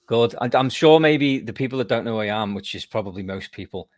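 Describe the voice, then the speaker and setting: A man's voice: medium pitch, fairly quick, no room sound. British man telling stories, dry sound. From United Kingdom. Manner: laughing storyteller, animated retelling. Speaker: podcast host, guest. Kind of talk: casual chat.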